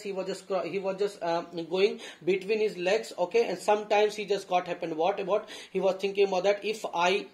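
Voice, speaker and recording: Guy teaching a story class, high voice, reads a bit then explains it, lots of restarts. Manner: reads a passage, then paraphrases it with halting restarts. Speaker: school teacher.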